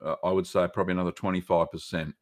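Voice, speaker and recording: A man's voice: sits low, level tone, very fast, a little mellow. An Australian man hosting a live stream, answering viewer questions in a rambling, easygoing way with many fillers. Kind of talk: casual live-stream chat.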